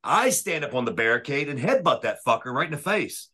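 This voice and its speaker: A man telling wrestling stories in a casual, profane and animated way. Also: mid-range voice, fairly quick, slightly rough. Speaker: wrestling referee guest. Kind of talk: casual storytelling.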